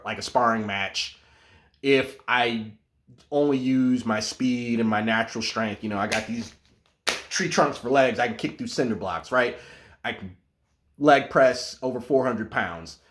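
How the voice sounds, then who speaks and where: A man giving a casual, animated monologue about martial arts, full of asides and restarts. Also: medium pitch.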